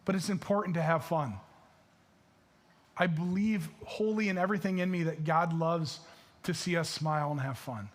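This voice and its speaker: High-voiced casual man preaching. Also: normal speed. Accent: Michigan. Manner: casual, filler-heavy with many restarts. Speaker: pastor. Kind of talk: sermon. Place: church stage.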